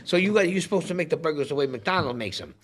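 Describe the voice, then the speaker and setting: A male podcast host who talks very fast and sits a little high in pitch. He rattles through stories in a loose, joking New York way. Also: expressive, a bit bright. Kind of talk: casual chat.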